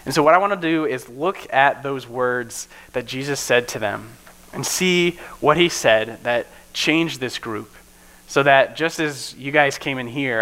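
Bright-voiced man giving a casual sermon. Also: medium pitch, rough recording. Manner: keeps checking in with listeners with "right?". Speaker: preacher.

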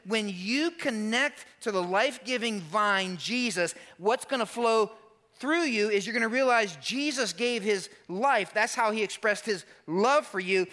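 A man preaching a sermon as a pastor, emphatic and animated, acting out quoted lines and tossing asides to the congregation. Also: high-pitched. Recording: long hall reverb.

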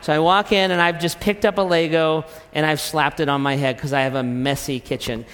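A man's voice: a little high, steady tone, a little fast, fairly bright tone. A man giving a humorous, conversational sermon-style talk, self-deprecating and full of jokes. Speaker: speaker. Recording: reverberant hall.

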